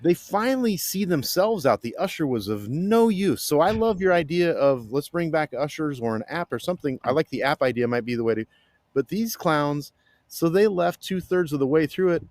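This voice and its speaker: A man, a guest on a podcast, telling a story in an animated, excitable way with lots of restarts. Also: a little high, moderate pace, dry recording. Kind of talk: casual chat, animated storytelling.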